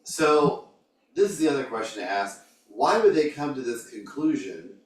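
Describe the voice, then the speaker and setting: Man leading a church study group, animated questioner, distant mic in an echoey room. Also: medium pitch, normal speed. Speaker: Bible class leader. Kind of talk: group Bible discussion. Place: church classroom.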